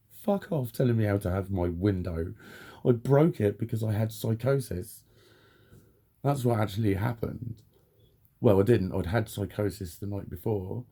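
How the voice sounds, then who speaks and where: A man's voice: lowish voice, mellow, slightly rough. A man in a heated, blunt personal rant, swearing constantly as he tells his story to camera. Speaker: vlogger.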